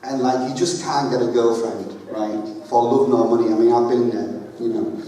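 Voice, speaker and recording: A man's voice: mid-range voice, steady tone, moderate pace, warm tone, slight background noise. A man preaching a chatty, emphatic sermon full of jokes, in a large church hall. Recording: echoey hall, voice from far off.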